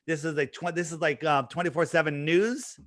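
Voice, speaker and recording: A man guesting on an interview, talking fast and emphatically with plenty of restarts and fillers. His voice sits fairly high, and the recording is dry and close, with little room sound. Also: steady tone, fairly bright tone, no room sound. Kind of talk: casual promotional talk.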